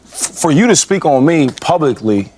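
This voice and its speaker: A man's voice: fairly high pitch, very animated, normal speed, a little mellow, breathy edge. A man on a sports debate show giving an emphatic opinion, repeating himself and addressing the listener directly.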